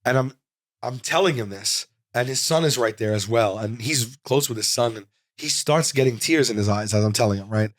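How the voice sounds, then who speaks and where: Speaking fairly quickly, this comedian in his forties rambles animatedly through a long story for an interviewer, his pitch in a normal middle range. He keeps doubling back with fillers and restarts, and the close, dry studio audio has hardly any echo.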